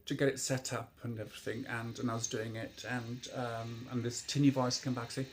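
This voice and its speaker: A man's voice: mid-range voice, flat delivery, a little fast. A man in his fifties, a vlogger rambling through a casual show-and-tell of a new gadget, hesitant and full of restarts.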